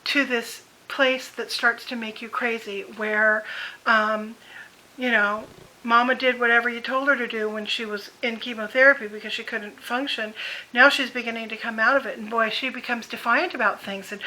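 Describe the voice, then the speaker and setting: Frank, bright-voiced woman. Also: fairly high pitch, normal speed, rough recording. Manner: frank, swears freely, laughs while ranting. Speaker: vlogger caring for her mother. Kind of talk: candid spoken vlog, storytelling.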